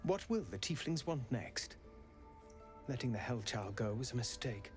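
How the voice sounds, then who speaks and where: A man's voice: medium pitch, lively intonation, normal speed, natural voice. A sour man, voiced by an actor who mutters his bitter complaints. Faint game music plays behind him.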